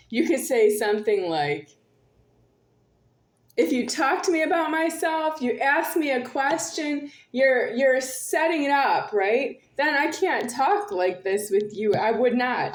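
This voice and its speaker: A woman's voice: medium pitch, a little mellow. A woman talking to camera in a rambling monologue, repeating and circling her phrases insistently. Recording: roomy echo.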